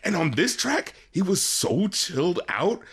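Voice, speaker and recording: A man co-hosting a music podcast, rambling through stories and laughing loudly. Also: high-pitched, big pitch swings, unhurried, husky. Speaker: podcast co-host. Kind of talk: casual chat about music.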